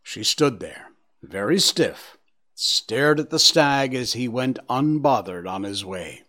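A man reading a storybook aloud with an expressive, varied delivery. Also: mid-range voice, takes it slowly. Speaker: narrator.

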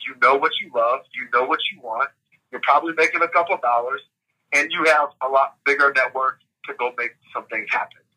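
A man's voice: mid-range voice, fairly even intonation, brisk, pushed and bright, slightly rough, rough recording. A man on a podcast as a guest, talking through life stages in a reflective, coaching way, often adding "like" and "right?". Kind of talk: motivational interview talk.

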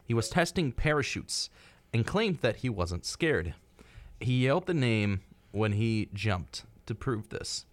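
A young man co-hosts a college radio show from a radio studio, speaking into a studio microphone with no room sound. His voice is mid-range and a little slow, and he chats in a relaxed, lively way with plenty of fillers.

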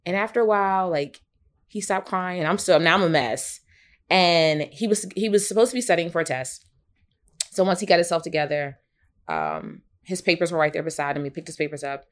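A woman in her thirties co-hosting a casual podcast, telling a personal story expressively with big swings in pitch. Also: animated, fairly quick. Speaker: podcast co-host.

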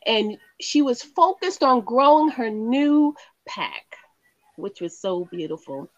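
A woman's voice: fairly high pitch, sing-song, slow pace, no room sound, highs cut off. A woman co-hosting a podcast, chiming in with affirmations and reading out feel-good news stories. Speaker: podcast co-host. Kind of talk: casual chat and story reading.

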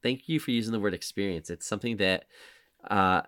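A man's voice: on the low side, fairly quick, fairly bright tone, dry recording, clean studio sound. A man hosting a podcast in casual chat, rambling and hesitant with frequent restarts. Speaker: podcast host.

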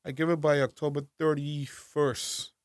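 Animated co-host, slangy rants, raised voice, dry close mic. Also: male voice, fairly high pitch, normal speed, no room sound. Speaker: podcast co-host. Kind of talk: casual chat.

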